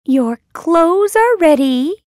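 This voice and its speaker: A woman voicing a bossy old female mouse in a storybook reading, giving brisk orders. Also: very high-pitched, animated, darkish tone, no echo, studio quality, pitched above the performer's own voice, exaggerated voice.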